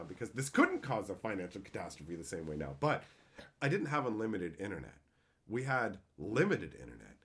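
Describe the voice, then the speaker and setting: A man streaming live, reading out chat messages and telling stories in a casual, swearing, up-and-down way. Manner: animated, swings between loud excited reading of chat and low reflective storytelling.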